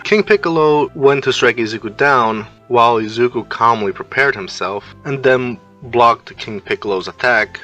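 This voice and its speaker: A man's voice: medium pitch, moderate pace, few pauses, pushed and bright, faint music behind. A man narrating a fan-made story, recounting the action scene by scene.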